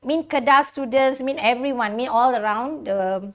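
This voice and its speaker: A woman's voice: fairly high pitch, moderate pace. A female English teacher from Malaysia urges students earnestly and encouragingly in an exam-prep lesson.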